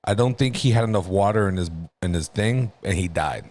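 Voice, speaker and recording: Lively low-voiced man telling a story. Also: brisk. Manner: profane, animated, laughs through his own story. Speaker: podcast co-host. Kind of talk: casual storytelling.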